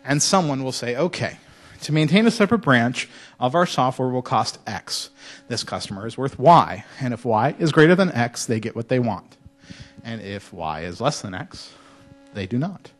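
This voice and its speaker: A man speaking at a conference before a student audience, relaxed and conversational. He tells anecdotes with a joking touch and now and then slips into playful put-on voices, his pitch sitting at an ordinary middle. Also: normal speed. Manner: casual, joking storyteller with mock French voices. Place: lecture hall.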